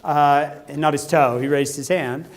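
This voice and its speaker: A man giving a humorous talk to a youth conference, telling a story with lively acted-out quotes. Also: fairly high pitch, normal speed. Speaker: youth speaker. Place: conference hall.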